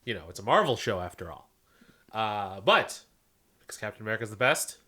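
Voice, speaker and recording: A man's voice: lowish voice, big pitch swings, a little fast, pushed and bright. A man co-hosting a podcast in casual, playful chat, cracking jokes. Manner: playful, jokey. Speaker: podcast co-host.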